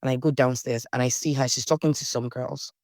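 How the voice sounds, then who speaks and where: Animated Nigerian woman telling stories. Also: a bass voice, a little fast, dry recording, studio quality. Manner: animated storyteller, acts out quotes, Nigerian slang. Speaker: podcast guest. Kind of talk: storytelling in casual interview.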